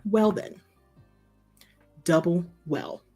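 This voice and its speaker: A woman in casual chat, expressive and slangy, riffing on a TV show with co-hosts. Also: fairly low pitch, extremely slow, soft background music. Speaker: co-host of a TV episode discussion.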